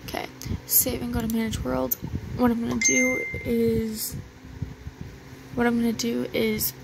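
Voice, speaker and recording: Woman gamer, casual play-by-play, gravelly and slow, muttering commands, noisy recording. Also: a little high, level tone. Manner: mutters menu commands aloud, sighs, mildly exasperated. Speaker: gaming video creator. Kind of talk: casual gameplay narration. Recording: noisy background hiss.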